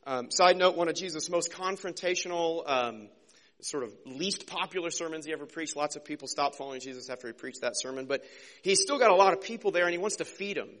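A man preaching a casual, conversational sermon as a pastor, joking and slipping into quick character voices. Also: fairly high pitch, a bit bright.

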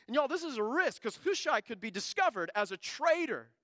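A man preaching a sermon, swinging between hushed lines and emphatic bursts. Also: extremely high pitch, sing-song, fairly quick, dry recording. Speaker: pastor.

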